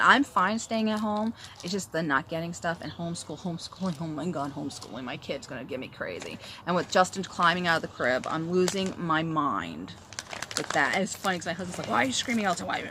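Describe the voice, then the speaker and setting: A woman's voice: lowish voice, pushed and bright, slight background noise. A woman in her thirties hosting a knitting podcast, chatting casually and rambling, sitting outdoors at home. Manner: chatty, rambling, self-interrupting. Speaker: knitting podcast host and designer. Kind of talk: casual chat.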